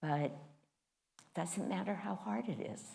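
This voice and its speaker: A woman with a low, deep voice leads a spiritual class, her pitch swinging widely as she talks. She tells a personal story in a candid, animated, self-mocking way. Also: a little slow, vocal fry.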